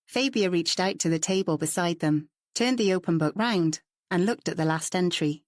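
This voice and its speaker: A woman narrates a novel in a calm, even storytelling manner. Her voice sits low for a woman. The recording is close and dry. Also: moderate pace, few pauses, no room sound. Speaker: audiobook narrator. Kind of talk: scripted narration.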